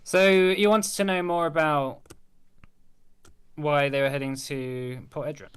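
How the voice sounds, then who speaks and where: A man's voice: on the high side, steady tone, unhurried, clear, resonant tone. A man running a tabletop role-playing game as game master. He narrates the scene and laughs often. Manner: laughs often, restarts words.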